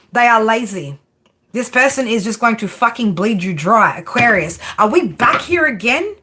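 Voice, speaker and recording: A woman giving a blunt, profane tarot reading, exasperated and constantly asking "right?". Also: medium pitch. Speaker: tarot reader. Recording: noisy background.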